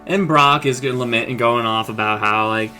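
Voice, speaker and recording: A man gives a casual, profane recap of a cartoon episode and tumbles quickly from one beat to the next. His voice is bright and forceful at a middle pitch, with faint music playing underneath. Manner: rambling, profane, quick retelling with acted quotes. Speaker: show recap vlogger.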